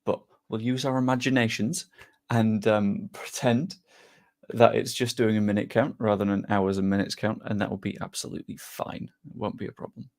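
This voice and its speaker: A man's voice: on the low side, fairly even intonation, normal speed, a little mellow. A young man, chatting casually to his live-stream viewers before a football match, reading chat aloud and joking at his own expense. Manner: chatty, self-deprecating, reads chat aloud.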